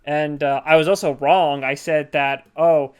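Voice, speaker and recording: Male podcast co-host, smooth clear voice a bit high, profane and animated. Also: unhurried. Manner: profane, animated, acts out characters in mocking voices. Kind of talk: casual movie chat.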